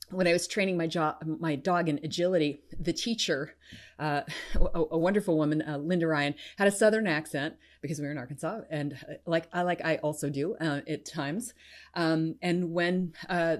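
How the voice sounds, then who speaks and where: A middle-aged woman talks through her solo business podcast with a bubbly, encouraging manner. Her pitch swoops widely, and she jumps up high into cheers. She sounds like a coach urging listeners on. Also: a little mellow. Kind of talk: enthusiastic solo podcast talk.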